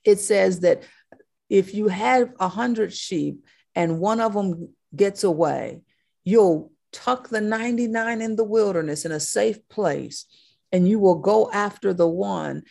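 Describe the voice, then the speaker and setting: A woman's voice: medium pitch, a little slow, creaky, dark tone. A woman preaching a sermon, impassioned, driving her points home with emphatic repetition.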